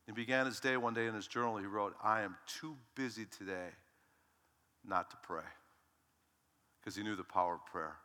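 A man in his sixties preaching a sermon as pastor, dramatic, dropping to a hush and rising to a shout. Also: on the low side, moderate pace, long pauses, clear, resonant tone. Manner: dramatic, swinging from hushed to shouting. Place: church sanctuary. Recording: long reverb in a large hall.

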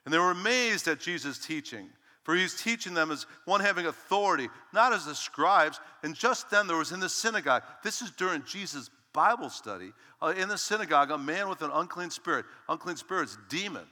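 A male pastor preaching a lively, emphatic sermon to his congregation and calling out "Amen?" as he goes. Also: on the high side, brisk, hardly any pauses, in a large hall. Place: church sanctuary.

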